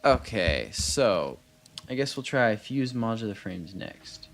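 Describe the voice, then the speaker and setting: A man's voice: lowish voice, very animated, slow pace, fairly bright tone. A man casually commenting while he plays a building game, thinking aloud, trailing off and restarting, muttering counts and chatting back to viewers. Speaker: game streamer.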